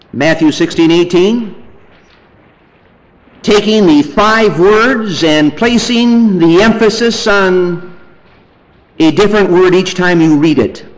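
A man's voice: slow pace, pauses often, rough recording. A man preaching a sermon, citing scripture references and building to emphatic, fervent passages. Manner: emphatic, rising to fervent high-pitched preaching; lists scripture references as he teaches.

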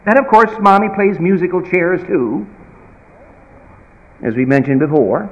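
Folksy, emphatic preacher in an echoing hall. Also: male voice, high-pitched, expressive, measured pace, highs cut off. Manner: emphatic, folksy, swings loud to soft. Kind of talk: sermon. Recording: reverberant hall.

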